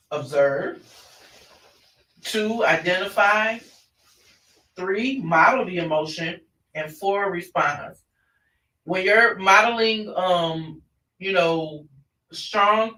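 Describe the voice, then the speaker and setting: A man's voice: high-pitched, bright, forceful tone. A man presenting an online parenting class in a conversational way, often restarting his sentences. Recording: roomy, distant mic.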